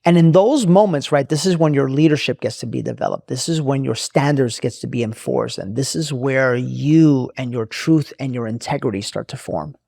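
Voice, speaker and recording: A man's voice: medium pitch, moderate pace, vocal fry, hardly any pauses, dark tone, no room sound, clean studio sound. A man hosting a show, telling a motivational story with emphasis, repeating his phrases and speaking straight to his listeners. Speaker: host.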